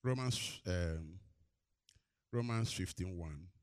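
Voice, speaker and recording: A man's voice: takes it slowly, no room sound. A male pastor preaching a sermon. He has the congregation finish verse lines and tells stories with rising energy. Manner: animated storytelling, climbs high and loud in anecdotes.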